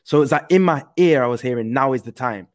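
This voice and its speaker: A man shares a story in a casual podcast chat. He speaks earnestly and often drops to a softer tone. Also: medium pitch, fast talker. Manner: storytelling, earnest, drifts soft.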